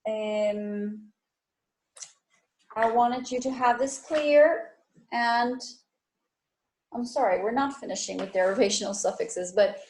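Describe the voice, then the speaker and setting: A woman teacher with a Guatemalan Spanish accent, slowly and patiently explaining spelling and word stress in a recorded online lesson. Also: medium pitch, darkish tone, rough recording. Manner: slow, patient, repeats words to model stress.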